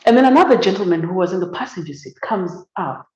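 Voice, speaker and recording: A woman's voice: lowish voice, fast talker, hardly any pauses, reverberant, lo-fi sound. A woman from Zimbabwe, an academic guest telling a story in conversation and acting out the voices of the people in it. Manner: animated, acts out quoted voices.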